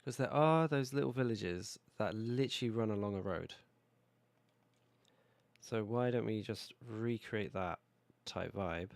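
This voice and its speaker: Low-voiced hoarse British man streaming a game. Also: measured pace, no room sound. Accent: British English. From Britain. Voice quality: relaxed, rambling, self-correcting. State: hoarse from a cold, coughing. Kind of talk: casual gameplay commentary.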